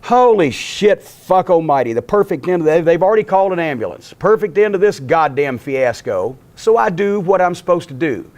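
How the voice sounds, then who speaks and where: An older man with a high, reedy voice tells a backstage war story with exasperated energy. He swears constantly and snaps into quoted dialogue, and his delivery stays lively and profane throughout. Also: normal speed, few pauses. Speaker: wrestling promoter telling stories.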